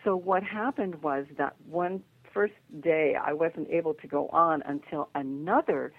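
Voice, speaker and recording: Low gravelly older woman on a phone line. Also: measured pace, dry recording. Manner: lively narration with acted quotes and laughter. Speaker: psychic guest. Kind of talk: animated storytelling.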